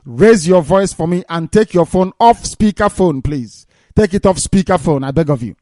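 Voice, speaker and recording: A man's voice: high voice, animated, moderate pace, a little mellow, no echo, studio quality. A man hosting a live call-in radio broadcast, talking emphatically and repeating his points. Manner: emphatic, repetitive preaching talk. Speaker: radio show host.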